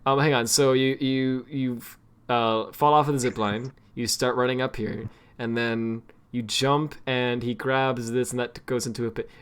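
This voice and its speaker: A man's voice: medium pitch, steady tone, unhurried, a bit bright, clear, resonant tone. A man streaming, chatting casually and rambling with lots of fillers and restarts.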